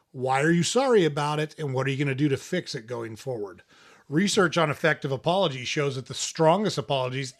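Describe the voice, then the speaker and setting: A man's voice: on the high side, fairly bright tone. A middle-aged man hosting an advice talk, blunt and emphatic, who swears freely and repeats words for punch. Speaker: podcast host.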